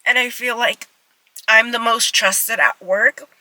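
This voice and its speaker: Filming herself in a car, a young woman in her twenties gives casual vlog talk to her phone, rambling with many "like" fillers and close to tears. Her fairly high voice is bright and forceful, slow, with fairly even intonation. There's no room sound, though the recording is rough.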